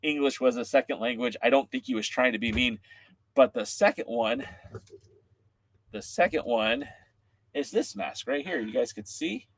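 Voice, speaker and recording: Excitable male host, loose livestream banter, even middle pitch, dry sound. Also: slightly rough, no echo. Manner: excitable, joking, chatting with live comments. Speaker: wrestling podcast host. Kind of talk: casual livestream chat with viewers.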